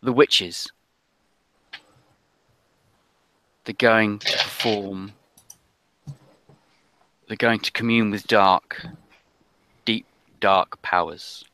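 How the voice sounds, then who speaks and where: A man voicing a frightened little French girl with a put-on French accent, pleading in a hushed, urgent way. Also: lowish voice, fairly even intonation, slow pace, pauses often, a little hiss or hum, heavily acted.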